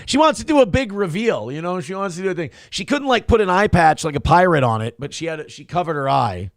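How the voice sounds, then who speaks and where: A man's voice: high voice, very animated, fast talker, no echo, clean studio sound. A man hosting a live-streamed commentary show, rambling and joking crudely while reading out chat comments. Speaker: host.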